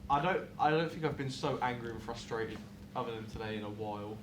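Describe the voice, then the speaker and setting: A man's voice: medium pitch, fast talker, background noise. A young man co-hosting a podcast, telling stories in casual chat and swearing freely. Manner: swears freely, animated storytelling. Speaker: podcast co-host.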